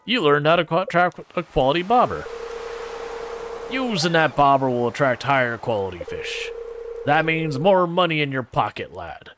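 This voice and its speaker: Brief: man putting on a hearty old fisherman, teasing, lively lilting voice. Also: on the high side, normal speed, noisy background. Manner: hearty, calls people lad.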